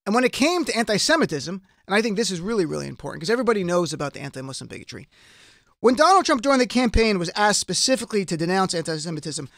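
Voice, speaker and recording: Impassioned high-voiced male radio host. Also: big pitch swings, rapid-fire, a bit bright, no echo, clean studio sound. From United States. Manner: impassioned, emphatic, rhetorical questions. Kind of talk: political commentary.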